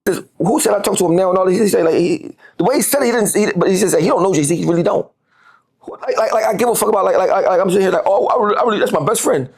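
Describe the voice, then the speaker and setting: A man's voice: sits high, very fast, creaky, darkish tone. A man, a guest on a podcast interview, talking heatedly and profanely and repeating words as he gets worked up.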